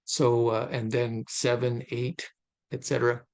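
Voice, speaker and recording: A man speaking at an ordinary middle pitch, lecturing on poetry in a recorded talk over slides. He thinks aloud with plenty of fillers and restarts. He slows right down to sound out stressed and unstressed syllables. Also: little pitch movement, a little mellow. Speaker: literature lecturer.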